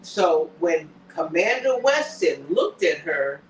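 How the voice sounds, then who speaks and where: Man, high voice, animated dramatic retelling, casual recap chat, echoey, distant mic. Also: slow pace, a little hiss or hum. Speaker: co-host. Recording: roomy sound from a distant mic.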